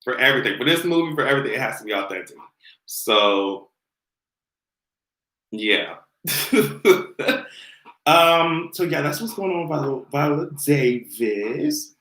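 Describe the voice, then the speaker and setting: A man hosting a casual livestream, ranting about pop culture in an animated, exasperated way and laughing often. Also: mid-range voice, unhurried, long pauses, reverberant, poor audio. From Jamaican heritage. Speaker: livestream host. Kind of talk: casual commentary rant.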